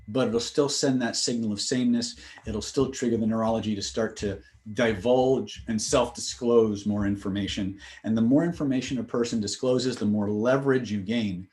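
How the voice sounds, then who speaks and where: A man's voice: medium pitch, darkish tone. Man, instructor, live online lesson, conversational, demonstrates phrasing with shifting tone and tempo. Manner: conversational, frequent "right?" check-ins. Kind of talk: live online teaching session.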